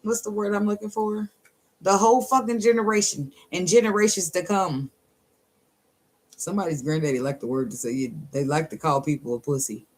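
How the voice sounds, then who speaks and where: A woman's voice: low-pitched, darkish tone. A woman giving a casual, channeled tarot reading. She is blunt and profane, talks with lots of energy and laughs often. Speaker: tarot reader.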